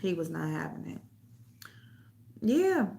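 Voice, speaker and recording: A woman's voice: on the low side, sing-song, slow pace, gravelly, mellow. A woman hosting a casual chat, telling stories loosely with lots of laughing and swearing, and speaking. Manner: loose storytelling, laughs often, swears freely, reads comments aloud. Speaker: host.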